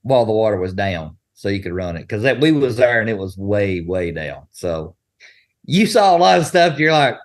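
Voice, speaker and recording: A man as a guest on a casual podcast, talking in a folksy, excitable way and laughing often. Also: lowish voice, moderate pace. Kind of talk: casual chat.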